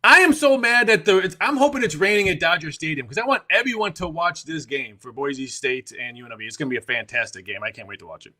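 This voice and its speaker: A man's voice: fairly high pitch, expressive, fast, hardly any pauses, sharp tone. A man co-hosting a sports betting show, ranting in a fired-up way. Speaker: co-host.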